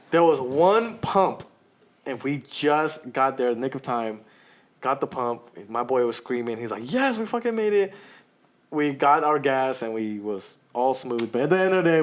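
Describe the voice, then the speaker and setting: A man co-hosting a podcast, telling a long story in casual chat, laughing often and swearing freely. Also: medium pitch. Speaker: podcast co-host.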